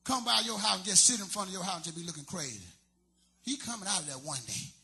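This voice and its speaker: Male stand-up, loose slangy storyteller, high piercing tone. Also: lively intonation, fast, creaky, bright, forceful tone, faint music behind. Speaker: stand-up comedian. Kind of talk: stand-up comedy set.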